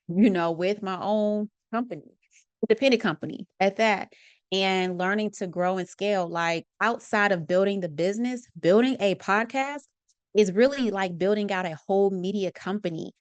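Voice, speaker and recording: A woman's voice: fairly low pitch, clear, resonant tone, no echo. A woman hosting her own podcast, talking casually and expressively to listeners with lots of asides. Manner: chatty and expressive, many fillers and asides. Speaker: podcast host. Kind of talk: casual solo podcast monologue.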